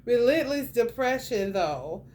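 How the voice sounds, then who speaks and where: A woman's voice: on the high side, very animated, unhurried, a little mellow. A woman giving a casual tarot reading to the camera, blunt and profane, talking straight at the viewer with lots of emphasis. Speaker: tarot reader.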